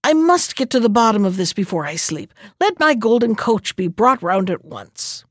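Storybook sultan, commanding and quick to anger, in a dry, close sound, read by a woman. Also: medium pitch, big pitch swings, dry recording. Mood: imperious. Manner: imperious, demanding. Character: commanding, hot-tempered male sultan.

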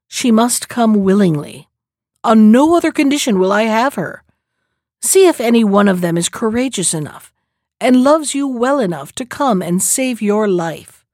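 A woman's voice: medium pitch, darkish tone, dry recording, studio quality. A woman reading a stern, angry male beast. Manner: stern and grim. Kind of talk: storybook reading.

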